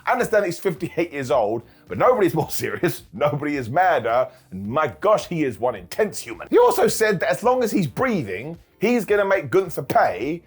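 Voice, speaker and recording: A man casually recapping a wrestling show as reviewer, animated and jokey, laughing often. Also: on the high side, normal speed, hardly any pauses, husky, faint music behind. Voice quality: bald-joke running gimmick host.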